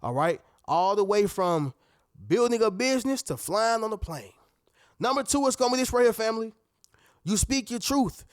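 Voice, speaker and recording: A man delivers an animated, preachy motivational talk, often calling out to his audience. His voice sits high for a man. The recording is close and dry. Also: normal speed, no room sound. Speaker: motivational speaker.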